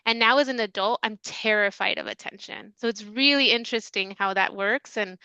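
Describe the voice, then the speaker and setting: A woman's voice: mid-range voice, a little fast, sharp tone, smooth, dry recording, highs cut off. A middle-aged woman with a Mexican American accent, a therapist guest speaking reflectively and openly in casual conversation.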